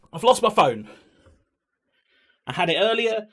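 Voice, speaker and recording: Breathless, chatty streamer, higher voice. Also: male voice, lively intonation, takes it slowly, pauses often, fairly bright tone. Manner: chatty, greets chat by name, swears casually. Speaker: game streamer. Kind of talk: casual live-stream chat.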